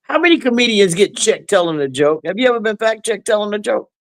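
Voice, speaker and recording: A man with a high voice hosts in casual talk-show banter. He tells his story haltingly, restarting often, and the sound is close and dry. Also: lively intonation, no room sound, rough recording.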